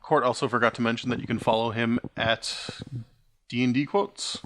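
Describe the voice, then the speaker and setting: A man hosting and running a tabletop game podcast, relaxed as he wraps up the session. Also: medium pitch, brisk. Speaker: game master and host. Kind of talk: casual podcast sign-off.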